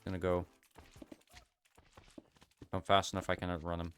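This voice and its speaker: A young man with a deep voice chatting casually and a bit tiredly to himself while streaming a game. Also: completely flat delivery, moderate pace, soft background music. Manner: rambling, self-talking, tired. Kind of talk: casual gaming livestream chat.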